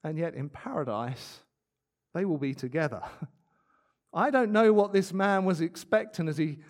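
A man preaching a sermon, earnest, slowing down to stress key words and adding light asides. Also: on the high side, lively intonation.

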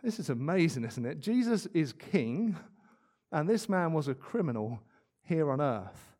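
A man preaching a sermon, earnest, slowing down to stress key words and adding light asides. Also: on the high side, sing-song, a little mellow.

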